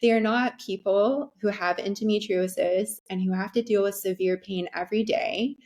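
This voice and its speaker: A young adult woman speaks as a podcast guest, recounting her own experience in an open, candid way. She talks in a middle pitch, often pausing on ums and restarting sentences as she goes. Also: fairly even intonation, darkish tone. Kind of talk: conversational storytelling.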